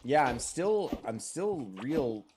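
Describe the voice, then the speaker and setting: A man's voice: fairly high pitch, sing-song, takes it slowly, background noise. A man streamer giving casual, rambling gameplay commentary and answering his chat, still congested from a lingering cold. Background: game music.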